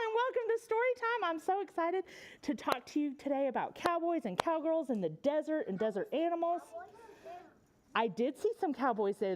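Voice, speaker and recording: High-voiced librarian lady doing story time, sing-songy, swoops all over, keeps asking the kids stuff. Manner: animated, sing-song, asks children questions. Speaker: children's librarian. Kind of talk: preschool story time read-aloud. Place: public library story room.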